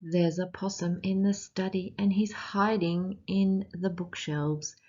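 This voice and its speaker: A woman's voice: lowish voice, dull audio. A woman with an Australian accent, teaching as she reads a picture book aloud to children and asks them questions along the way. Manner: slow, expressive, questioning children.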